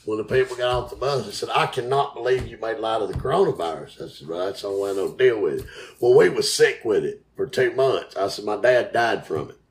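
Low-voiced man, folksy jokey storyteller, just chatting on a podcast. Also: animated, fast, a little hiss or hum. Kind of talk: casual chat.

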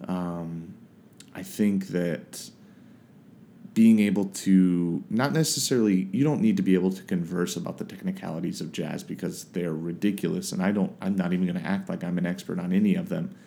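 A man's voice: low-pitched, fairly even intonation, moderate pace, gravelly, mellow, a little hiss or hum. A man casually talking through a song he loves, hesitant and searching for words with lots of fillers. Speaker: music reviewer. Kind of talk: casual spoken song review.

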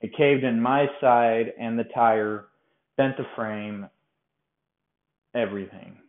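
A young man from Colorado tells a personal faith story as a podcast host. He talks in a casual, rambling way, often restarts sentences and pokes fun at himself. His voice sits at an ordinary middle pitch, and it comes through a thin, phone-like line in a room with a lot of echo. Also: slow pace. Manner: chatty, rambling, self-deprecating with frequent restarts. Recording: tinny phone-like sound in an echoey room.

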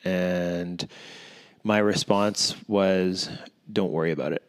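Low-voiced man coaching casually. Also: slow pace, clean tone. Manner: relaxed, explanatory, steady coaching talk. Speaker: CrossFit coach and podcast host. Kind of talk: casual chat.

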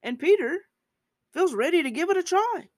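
A woman's voice: very high-pitched, lively intonation, moderate pace, no echo. A woman preacher giving a conversational podcast sermon, reading scripture and reflecting on it, with rising emphasis at key points.

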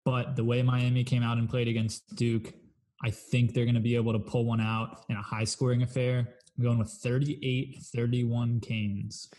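Easygoing male co-host with a mellow tone and dry humor. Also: mid-range voice, flat delivery, moderate pace. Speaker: podcast co-host. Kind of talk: casual chat.

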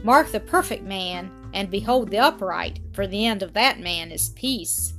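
Woman voicing a slow, grave shepherd dad, storybook. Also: mid-range voice, animated, a bit bright, soft background music. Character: solemn pious Highland shepherd father.

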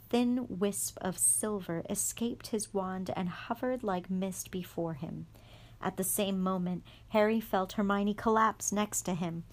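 Calm woman reading a storybook aloud. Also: medium pitch, slow pace. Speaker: guest reader.

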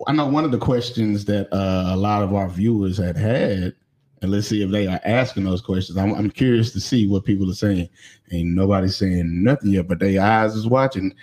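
A man's voice: lowish voice, moderate pace. A man hosting a podcast in casual chat, loose and joking. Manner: loose, joking, shouts out to viewers. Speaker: podcast host.

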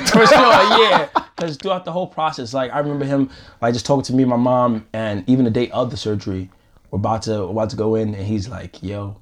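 A man telling a story in casual chat, animated, laughing often and saying "yo" a lot. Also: mid-range voice.

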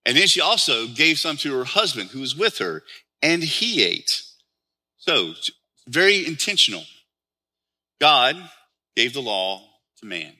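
A male pastor preaching a sermon, working through scripture and checking in with the congregation through frequent rhetorical questions. His voice is very bright and sharp, pitched around the middle for a man. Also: sing-song, a little slow, pauses often.

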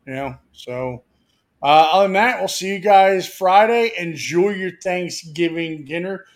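Speaking a little slowly in a voice that sits high, this Philadelphia man co-hosts a podcast. His sign-off is loose, crude casual chat, joking and full of swearing.

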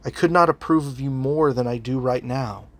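A man voicing Jesus as a gentle, affirming figure in a sermon, softly and slowly. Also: medium pitch, lightly acted. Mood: tender.

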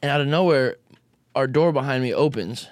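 A man's voice: mid-range voice, fairly quick, no echo, clean studio sound. A young man telling a rambling story in casual chat, full of fillers and laughs.

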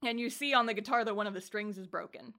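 A woman with a mid-range voice talks fast, her tone pushed and bright. Co-hosting a podcast, she casually recaps an anime episode, laughing a lot and swearing while she acts out what the characters say.

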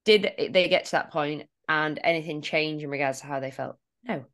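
A woman's voice: deep voice, a little fast, a bit bright. A woman co-hosting a podcast as a fitness coach, talking earnestly and reflectively about clients. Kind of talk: casual podcast chat.

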